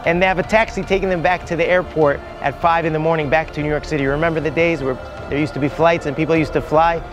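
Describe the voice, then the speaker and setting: A man's voice: fairly high pitch, fairly even intonation, fast talker, music in the background. A man, a rabbi and tour guide, telling a heartfelt story to visitors outdoors at a holy site, with Hebrew phrases mixed in.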